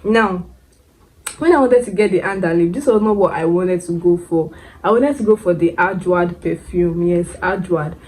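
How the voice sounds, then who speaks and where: A young Nigerian woman talking casually to camera in an expressive way, repeating words for emphasis and laughing often. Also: on the low side, normal speed, low-quality recording. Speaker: beauty vlogger.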